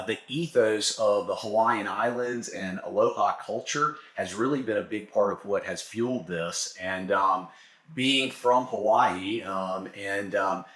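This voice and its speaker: A man from South Carolina with a Southern accent, hosting a casual interview and talking in a relaxed way with lots of ums and uhs. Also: fairly low pitch, roomy sound. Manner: relaxed, filler-heavy, laughs easily. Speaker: host.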